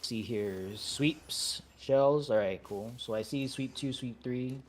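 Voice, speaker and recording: A man's voice: mid-range voice, a little hiss or hum. Laid-back man leading a voice-chat raid. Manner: relaxed, halting, many fillers and restarts. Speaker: raid leader. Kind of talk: casual voice chat organizing a game raid.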